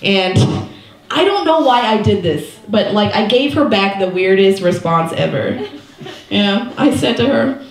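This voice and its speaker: A woman's voice: medium pitch, animated, measured pace. Chatty woman comic in an echoey room. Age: 30s. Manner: chatty, self-mocking, lots of "like" and "you know". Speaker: stand-up comedian. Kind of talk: stand-up comedy set. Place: small comedy venue with a live audience.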